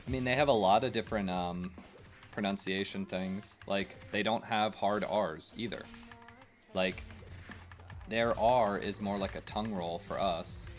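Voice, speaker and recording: Chatting to his viewers while streaming a game, this young man from the United States rambles, voices opinions, and uses many fillers. He speaks a little slowly in a lowish voice over faint game music.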